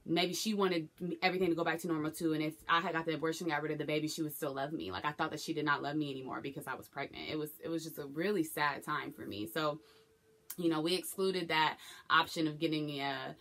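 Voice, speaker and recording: Brief: young woman, low and bright voice, candid emotional vlog storytelling. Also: fairly even intonation, fast. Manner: candid, emotional retelling with acted quotes. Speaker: vlogger. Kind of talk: personal storytelling to camera.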